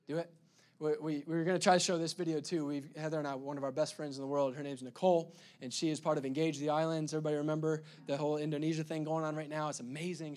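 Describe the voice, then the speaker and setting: A man preaching a lively sermon to his congregation, restarting his words often, with sudden loud bursts. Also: fairly high pitch. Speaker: pastor.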